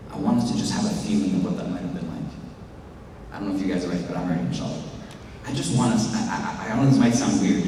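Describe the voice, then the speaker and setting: A young man giving a passionate youth talk, using slang and swinging between shouts and hushed urging. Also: low voice, a little hiss or hum. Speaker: youth halaqah speaker. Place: large hall with audience. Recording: echoey hall from far off.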